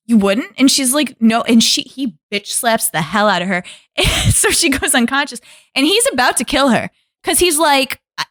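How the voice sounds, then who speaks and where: A young adult woman, co-hosting a casual podcast chat, animated and laughing as she acts out quotes from a show. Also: high voice, moderate pace, no echo, studio quality. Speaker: podcast co-host.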